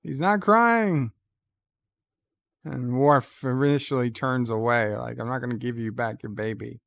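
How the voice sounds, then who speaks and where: A man's voice: mid-range voice, little pitch movement, moderate pace, creaky, no echo. A man hosting a live reaction stream, retelling the scenes and reading out chat messages. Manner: retells scenes, quoting lines in a plain voice; reads out viewer chat messages. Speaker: host.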